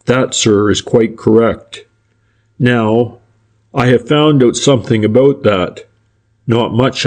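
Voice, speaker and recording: A man's voice: fairly low pitch, darkish tone, close to an everyday voice. A man reading as a sly, civil private detective. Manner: polite, deferential, roundabout. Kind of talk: audiobook character reading.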